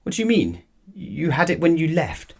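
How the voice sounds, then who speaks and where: Man doing cross flustered dad, pitched way up, squawky and indignant. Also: wildly swooping pitch, moderate pace, creaky, husky, exaggerated voice. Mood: exasperated. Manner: exasperated, indignant outbursts. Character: flustered, exasperated middle-aged father.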